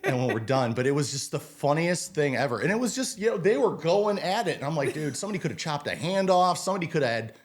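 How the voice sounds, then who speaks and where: Animated man telling work stories. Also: on the high side, fast, few pauses. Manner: animated storyteller, acts out quotes, swears casually. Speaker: restaurant manager, podcast guest. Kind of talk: casual interview storytelling.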